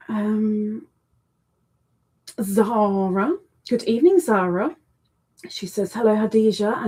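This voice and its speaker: A woman with a slightly high, dark-toned voice runs a relaxed crochet livestream, chatting with viewers and reading their messages out loud. Between greetings she coos lovingly at her cat.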